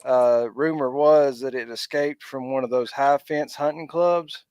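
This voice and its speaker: A man's voice: mid-range voice, steady tone, unhurried, darkish tone, clear, resonant tone, no room sound. A man from Georgia, a guest chatting casually in a laid-back, matter-of-fact way. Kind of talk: casual chat.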